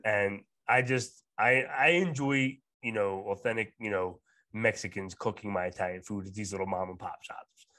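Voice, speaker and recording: Lower-voiced man, blunt podcast co-host. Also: fairly even intonation, normal speed, pushed and bright, no echo. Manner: blunt, opinionated, rambling with fillers. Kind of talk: casual chat.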